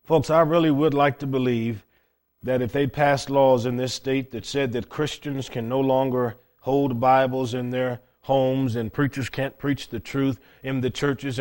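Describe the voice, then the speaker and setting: A man preaching a folksy, plain-spoken sermon with storytelling, swinging between loud and hushed passages. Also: mid-range voice.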